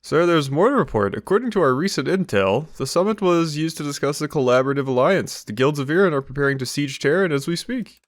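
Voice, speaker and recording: A dutiful soldier delivering a report, voiced by a man in his plain voice. His tone is formal and even, with a dry sound. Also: on the high side, fast talker, few pauses, dry recording, lightly acted.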